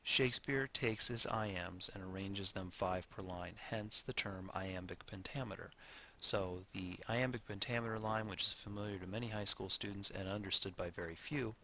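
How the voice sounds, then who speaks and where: A man lecturing a class in a low, gravelly voice that still has a bright, forceful edge. He talks deliberately, slowing to sound out stressed syllables and pausing to correct himself. There is a faint hiss of room noise under him. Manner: pauses and corrects himself mid-sentence.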